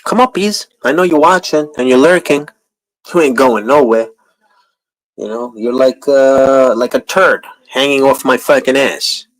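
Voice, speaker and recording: A man's voice: mid-range voice, a little slow, no room sound, poor audio. A man with a New York accent hosting a livestream, rambling in crude, profane casual chat. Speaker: livestream host.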